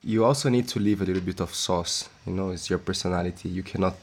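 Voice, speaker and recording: A man's voice: low voice, fast talker. A man hosting a podcast, chatting in a friendly way and laughing easily. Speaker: podcast host. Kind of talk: casual podcast interview. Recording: faint music and machine hum.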